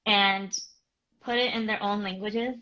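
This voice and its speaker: Casting: woman co-host, bright and clear tone, chatty with lots of fillers, dull lo-fi stream sound. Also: mid-range voice, steady tone, a little slow. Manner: chatty, filler-heavy, answers viewer questions. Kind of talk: casual live-stream chat.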